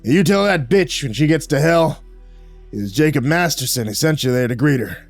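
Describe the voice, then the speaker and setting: A man voicing a grim, hard-bitten frontier monster hunter who barks gruff commands and curses. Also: on the high side, expressive, normal speed, faint music behind, voice pushed up, natural voice. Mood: growling.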